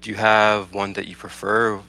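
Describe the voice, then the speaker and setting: Low, bright-voiced man hosting. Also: level tone, normal speed. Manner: hesitant, rephrasing questions. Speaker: podcast host. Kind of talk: interview questions.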